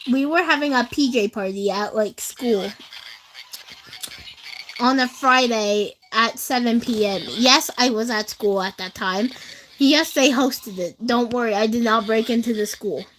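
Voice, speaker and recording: A woman's voice: a little high, a bit bright, slight background noise, poor audio. A teenage girl livestreaming, telling school stories to her chat in a rambling, casual way, full of fillers. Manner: chatty, rambling, many fillers, speaks straight to chat. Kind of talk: casual storytelling to a live chat.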